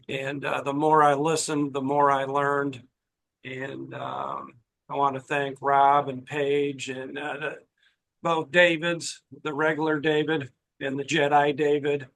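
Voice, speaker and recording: A man giving a personal recovery share at a meeting, halting, with many fillers and restarts. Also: mid-range voice, little pitch movement, vocal fry, a bit bright, low-quality recording. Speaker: meeting attendee sharing.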